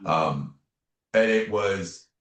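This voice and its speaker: A man's voice: low-pitched, very slow, a bit bright. A man talking as an interview guest, telling a personal story in an earnest, casual way and often adding "man" and "right?". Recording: echoey room.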